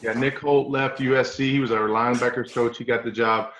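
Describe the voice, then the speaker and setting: A middle-aged man from East Tennessee with a Southern accent, telling coaching stories in a folksy, animated way on an interview show. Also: medium pitch, fairly quick, echoey room, slight background noise, rough recording. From East Tennessee, USA. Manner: folksy, animated, quotes others in voices. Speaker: strength coach guest. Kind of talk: storytelling interview.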